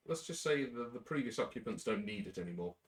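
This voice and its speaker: A laid-back man playing a tabletop game with friends. He talks in a low voice and chats easily, dropping in slang. He sounds relaxed and unhurried. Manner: laid-back, chatty, uses British slang. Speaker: player. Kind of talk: casual tabletop play.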